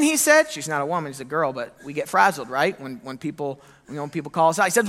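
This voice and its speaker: A man preaching a sermon as pastor, telling the story in an animated way and acting out the quoted lines. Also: high-pitched, fast talker, few pauses. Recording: echoey hall reverb.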